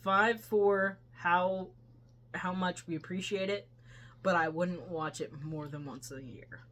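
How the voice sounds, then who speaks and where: A woman's voice: low-pitched, a bit bright, a little hiss or hum. A woman co-hosting a casual movie review chat from her couch at home, chatty and laughing often. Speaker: co-host of a movie review show. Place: living room couch at home.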